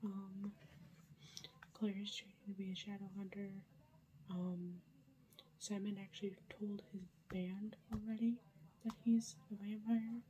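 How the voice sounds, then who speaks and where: A woman's voice: mid-range voice, level tone, a little slow, long pauses, dark tone, dull audio. A woman whispering a casual late-night reading vlog update, chatty and full of ums and likes. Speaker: book vlogger.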